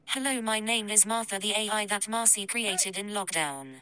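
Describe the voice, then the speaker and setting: A synthetic woman's text-to-speech voice reading typed comments into a movie commentary, with a flat, robotic delivery. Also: mid-range voice, normal speed. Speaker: text-to-speech voice used by a participant.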